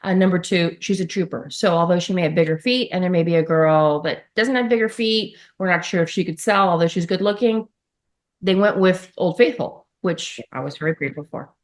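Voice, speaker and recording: A woman's voice: fairly low pitch, brisk. A middle-aged woman talking casually as a podcast guest, telling stories in a chatty way with asides. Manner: chatty, storytelling, with laughs and asides. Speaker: podcast guest, former model. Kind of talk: casual interview chat.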